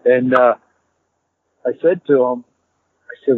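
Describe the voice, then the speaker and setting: A man, a hunter and podcast guest, telling a story in a rambling, animated way and repeating "I said" as he acts out the dialogue. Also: medium pitch, measured pace, long pauses, slightly rough, no echo. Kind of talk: casual storytelling. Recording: tinny phone-like, dry.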